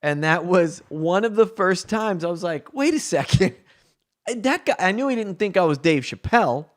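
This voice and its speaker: A man spins a long casual anecdote in a slightly high-pitched voice. He is animated and slips into quick impressions of the people he quotes, then drops back to an easy conversational tone. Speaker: prankster telling a story. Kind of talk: casual storytelling.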